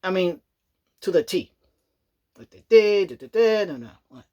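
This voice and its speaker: A woman's voice: fairly low pitch, expressive, normal speed, darkish tone, highs cut off. A woman vlogging in a loose, rambling chat, often checking in with the listener and breaking into laughs. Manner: rambling, chatty, repeats "you know what I mean", laughs often. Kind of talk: casual rambling monologue.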